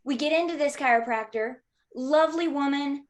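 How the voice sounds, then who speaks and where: A woman in her thirties, a podcast guest, telling stories in a lively way with frequent "um" fillers. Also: sits high, moderate pace. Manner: lively, frequent "um" fillers, acts out quoted voices. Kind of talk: conversational storytelling.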